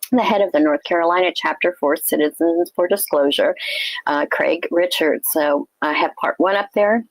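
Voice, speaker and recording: A woman's voice: on the low side, no room sound, low-quality recording. A woman hosting a casual livestream, talking in a chatty way with frequent ums and restarts, with a tickle in her throat. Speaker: host.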